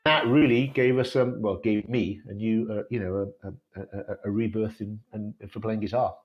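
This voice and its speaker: A man's voice: fairly low pitch, fairly even intonation, normal speed, lo-fi sound, soft background music. A Welsh man, a guitarist, chatting casually in an interview, rambling with many restarts and fillers. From Wales. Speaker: guitarist in a band, guest.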